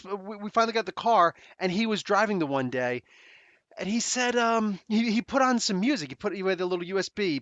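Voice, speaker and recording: A man's voice: fairly high pitch, no echo. A man in his forties, host of a podcast, telling a story casually, swearing and acting out what people said. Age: 40s. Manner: animated, swearing, acts out quotes. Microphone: close desk microphone.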